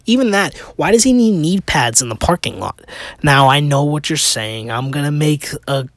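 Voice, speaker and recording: A man's voice: a little high, no echo. Exasperated man ranting, dry close sound. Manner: exasperated, rambling, with frequent restarts and rhetorical questions. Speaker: podcast host. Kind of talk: casual opinion commentary.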